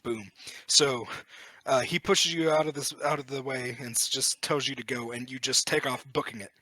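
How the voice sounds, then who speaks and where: A man runs a tabletop game as its game master, narrating scenes with an easygoing flow and plenty of "uh"s. His voice is bright and forward, recorded close and dry with no room sound. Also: mid-range voice, normal speed, no room sound. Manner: relaxed, with frequent "uh" fillers.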